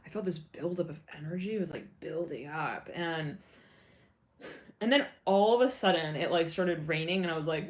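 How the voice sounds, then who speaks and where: A woman's voice: sits low, expressive, normal speed. Giggly woman chatting on a livestream. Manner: giggly, rambling, sings snatches of songs. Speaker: livestream host. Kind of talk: casual livestream chat.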